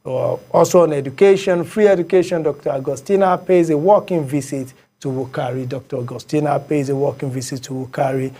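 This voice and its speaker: A man's voice: fairly high pitch, fairly even intonation, dark tone. Man hosting a morning show. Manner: halting, many fillers, repeats headlines. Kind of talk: reading headlines and taking calls.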